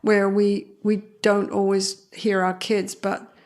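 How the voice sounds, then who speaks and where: A woman psychologist explains things through vivid stories in a relaxed interview. She talks with energy, slips into other people's voices to act out scenes, and laughs easily. Her pitch sits in an ordinary middle range for a woman. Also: takes it slowly. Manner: animated, acts out quoted voices, laughs often. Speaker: clinical psychologist guest. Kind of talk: conversational interview storytelling.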